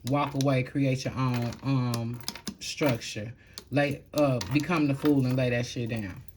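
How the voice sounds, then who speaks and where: A woman's voice: very deep voice, measured pace, noisy background. Blunt, slangy woman reading tarot. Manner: blunt and slangy, swears freely, shifts between calm and loud. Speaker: tarot reader. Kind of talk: casual tarot reading to camera.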